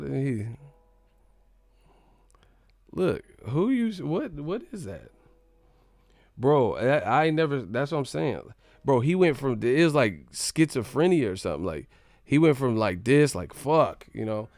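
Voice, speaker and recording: A young male stream host for boxing, with a gravelly voice and a dry, close sound, rambling and profane. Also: mid-range voice, darkish tone, no room sound. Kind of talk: live-stream commentary.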